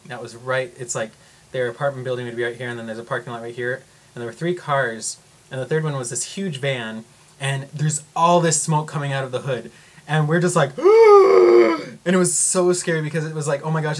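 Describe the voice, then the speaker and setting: A young man vlogging, telling a story in a casual, animated way, full of fillers and acted-out gasps. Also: mid-range voice. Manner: animated, acts out gasps and quotes, lots of fillers.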